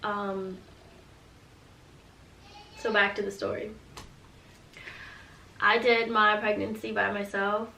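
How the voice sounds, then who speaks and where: A woman's voice: medium pitch, little pitch movement, slow pace, gravelly, long pauses, pushed and bright, echoey room, recorded from a distance, a little hiss or hum, low-quality recording. A woman in her twenties telling her pregnancy story in a casual storytime vlog, earnest and reflective as she speaks openly about hard times. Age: 20s.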